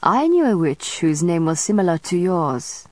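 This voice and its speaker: Storybook: woman reads ancient vampire man, soft, slow, menacing, low-set voice, dry close sound. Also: sing-song, no room sound. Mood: soft menace. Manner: soft, slow, measured delivery.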